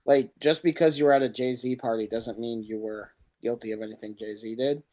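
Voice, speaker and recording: A man's voice: medium pitch, steady tone, normal speed, mellow. Rambling man on a podcast. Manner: rambling, loses words, laughs at himself. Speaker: podcast co-host. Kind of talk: casual chat.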